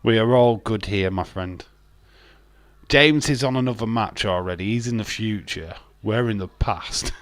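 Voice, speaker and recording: A man's voice: lowish voice, measured pace, no room sound. A man hosting a live stream, chatting casually, reading out chat messages and teasing viewers with frequent laughs. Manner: jokey, teasing, laughs often.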